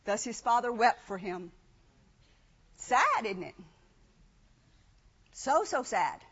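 High-pitched woman preacher, chatty animated sermon, long hall reverb. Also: slow pace, pauses often, breathy edge, lo-fi sound. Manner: conversational, rhetorical questions, animated. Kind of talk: sermon with scripture reading.

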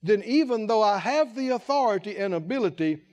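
A man's voice: sits high, lively intonation, a little fast, a little mellow. A man preaching a sermon as head of a ministry, emphatic and repetitive, asking the congregation questions and acting out quotes.

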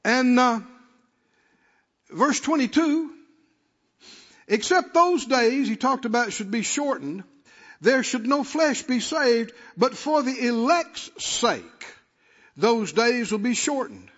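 Male preacher, high and fervent, muffled recording with long church echo. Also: expressive, slow, long pauses, husky. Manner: calls out to the congregation, rising to shouts. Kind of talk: sermon.

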